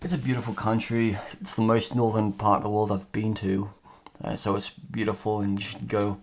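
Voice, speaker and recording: A man's voice: lowish voice, level tone, normal speed, slight background noise. A man vlogging casually as he scratches off a map, rambling and chatty with lots of fillers. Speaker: travel vlogger.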